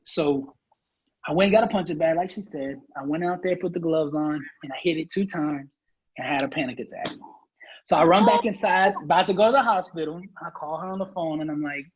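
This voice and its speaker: A man's voice: a little high, a little fast, breathy edge, lo-fi sound. A man guest on a podcast interview, telling a personal story in an earnest, emphatic way. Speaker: guest speaker.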